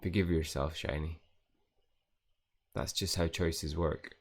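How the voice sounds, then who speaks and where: A kindly young ghost speaks softly, read aloud by a man in a deep, gravelly voice. The tone stays calm and reassuring, like a friend who never left. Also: takes it slowly, heavily acted. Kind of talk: reading game dialogue aloud.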